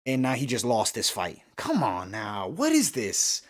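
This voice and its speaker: A man's voice: medium pitch, huge pitch swings, measured pace, few pauses. A man hosting a live fight-night stream, chatting with viewers and ranting heatedly about the judging, with lots of swearing. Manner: reads and answers viewer comments. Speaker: livestream host. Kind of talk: live fight commentary chat.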